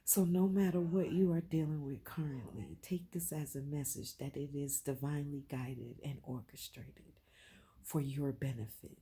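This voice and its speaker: Her voice is low and husky as she shares something deeply personal with her vlog audience. Heartfelt throughout, she shifts from hushed to forceful and emphatic, repeating phrases.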